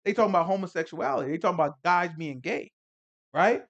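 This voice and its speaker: A man giving a casual Bible lesson, animated and conversational, acting out the scenes with slang. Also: sits high, fast talker, lo-fi sound. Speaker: Bible teacher.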